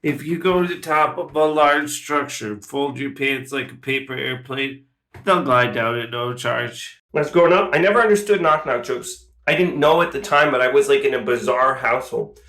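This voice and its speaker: A man telling short absurdist comedy bits in a deadpan manner, with sudden outbursts into silly voices. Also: medium pitch, normal speed.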